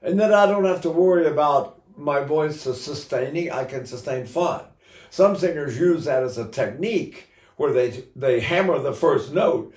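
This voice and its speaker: An older man teaching singing technique, explaining calmly and breaking into loud operatic vocal demonstrations. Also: a little high, moderate pace, echoey room.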